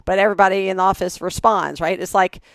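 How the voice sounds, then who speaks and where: A woman in her forties, co-hosting a podcast, tells chatty, animated stories and acts out other people's lines. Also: medium pitch, fast talker, vocal fry, dry recording, clean studio sound. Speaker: podcast co-host. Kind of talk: casual storytelling chat.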